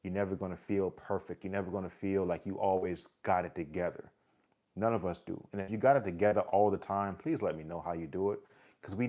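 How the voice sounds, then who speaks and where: Deep and warm, this man's voice carries a vlogger's faith testimony as he talks earnestly to his followers. The heartfelt talk is casual and repetitive, broken by heavy sighs.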